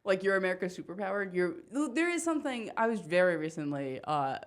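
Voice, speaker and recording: A woman's voice: fairly low pitch, lively intonation. Self-mocking woman from Pennsylvania. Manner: quick, jokey and self-deprecating. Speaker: guest comedian. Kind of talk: casual podcast chat.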